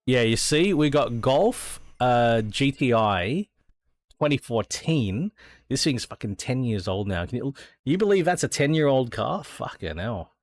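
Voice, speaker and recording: An easygoing Australian man with a mid-pitched voice muses aloud while browsing cars in a racing sim, dropping swear words without a second thought. His voice is dry and close, recorded on a desk mic with no room sound around it. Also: big pitch swings, a little slow, no room sound. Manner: laid-back, thinks aloud, swears freely. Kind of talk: casual gameplay chat.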